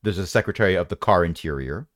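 A man's voice: low-pitched, fast talker, no echo, clean studio sound. A man narrating as game master in a tabletop game, wry and rambling with playful jokes.

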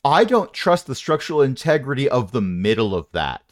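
A man's voice: medium pitch, big pitch swings, fairly quick, no room sound, studio quality. A man narrating a tabletop game as game master, with playful, rambling descriptions and asides.

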